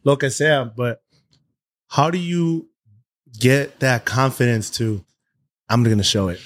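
A man's voice: mid-range voice, expressive, slow, no echo. A man hosting a podcast, asking earnest, probing questions in a casual interview chat. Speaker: podcast host.

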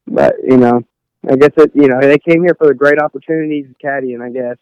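A man's voice: mid-range voice, steady tone, quick pace, a little mellow, smooth, dry recording, dull audio. A young man from Texas, a college golfer rambling casually through an interview with lots of fillers. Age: young adult. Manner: rambling, many fillers and restarts.

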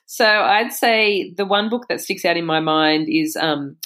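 A woman's voice: fairly low pitch, steady tone, slow, a bit bright. A woman, a mother and guest, talking candidly in a casual interview and acting out the voices she quotes.

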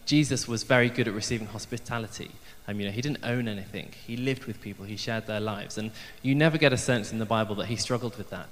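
Male preacher, relaxed and joking, with a long church echo behind him. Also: fairly low pitch. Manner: chatty, self-deprecating, many ums. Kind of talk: humorous church sermon. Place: church hall. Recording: long hall reverb.

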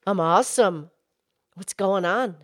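A woman's voice: medium pitch, unhurried, no room sound, studio quality, close to an everyday voice. A woman voicing a patient, knowledgeable female cow who co-hosts a playful podcast and explains things in a teacherly way. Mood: explaining. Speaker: podcast co-host. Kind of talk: playful kids' podcast role-play.

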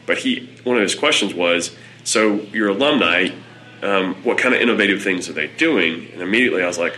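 A man, an executive director, telling a story in a conversational interview, with hesitant pauses. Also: on the low side, sharp tone, faint music behind, poor audio.

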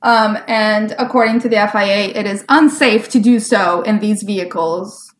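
A woman co-hosting a casual chat podcast, retelling things in an animated, giggly way. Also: medium pitch, moderate pace, echoey room. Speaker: podcast co-host. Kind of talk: casual chat about motor racing.

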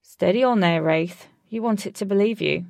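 A woman's voice: mid-range voice, normal speed, vocal fry, a little mellow, no room sound, clean studio sound, natural voice. A woman voicing a cheeky young male companion who teases his friend. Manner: cheeky, teasing.

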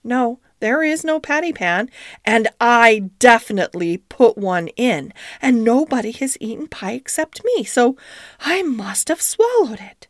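A woman's voice: a little high, sing-song, measured pace, no room sound, clean studio sound, voice pushed up. A woman voicing a fretful, genteel female dog in a storybook reading. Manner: worried, fussy storytelling voice.

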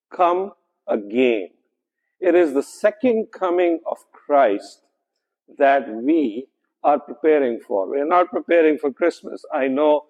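Male pastor, conversational sermon, slow, fillers, echoing church. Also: fairly high pitch, lo-fi sound. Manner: frequent "right?" checks, many fillers, slow deliberate delivery. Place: church sanctuary.

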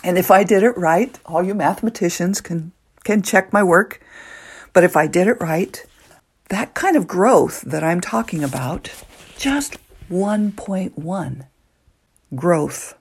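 A woman hosting a solo motivational podcast, earnest and emotional, moving between soft hushed lines and excited bursts. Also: on the low side, takes it slowly, husky. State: nervous, emotional. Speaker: podcast host.

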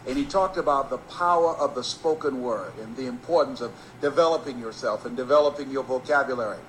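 A man from Miami giving a storytelling motivational speech, emphatic and rhythmic, slowing down to stress key phrases. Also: medium pitch, fairly bright tone, a little hiss or hum, rough recording. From Miami, Florida. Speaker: motivational speaker.

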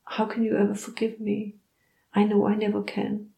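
A woman's voice: medium pitch, monotone, moderate pace, gravelly, dark tone, lightly acted. A woman voicing a grieving woman who pleads tearfully for forgiveness. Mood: remorseful. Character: grieving woman full of guilt. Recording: roomy echo.

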